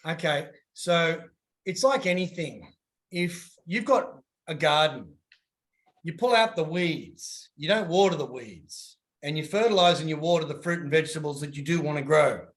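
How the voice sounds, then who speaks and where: A man's voice: a little high, normal speed. A man giving casual coaching advice and acting out little voices as he tells stories. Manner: animated, acts out voices in his stories.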